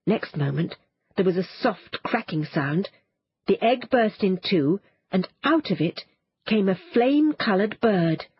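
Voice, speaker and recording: A woman reads a children's tale with a lively, swooping delivery, her pitch rising and falling freely. Her voice is a little breathy, and the recording is dry and slightly dull. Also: unhurried, no echo. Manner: lively, expressive reading. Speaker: audiobook narrator. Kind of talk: scripted storybook narration. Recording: dull, muffled dry studio sound.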